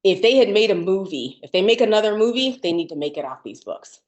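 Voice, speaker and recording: A woman's voice: medium pitch, big pitch swings, fast, a little mellow, dull audio. A woman co-hosting a podcast, chatting casually with many fillers and restarts. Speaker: podcast co-host. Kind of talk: casual chat.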